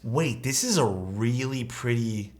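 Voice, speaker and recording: A man's voice: medium pitch, animated, takes it slowly. A man casually commenting on viewers' keyboard photos during a live stream, easygoing and full of praise. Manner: enthusiastic, easygoing, lots of praise.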